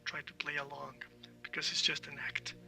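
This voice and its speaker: A man's voice: on the high side, little pitch movement, normal speed, gravelly, bright, forceful tone, far from the mic, faint music behind. A man who speaks Spanish natively, teaching a recorded language lesson, spelling words letter by letter and encouraging learners.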